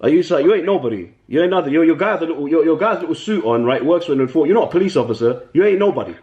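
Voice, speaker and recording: A man hurls repetitive insults down the phone, his pitch leaping all over the place as he talks quickly. The call sounds muffled and echoey, like a phone conversation recorded on speaker. His manner is taunting and relentless. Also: animated. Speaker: caller arguing with a bailiff. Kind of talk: heated phone argument.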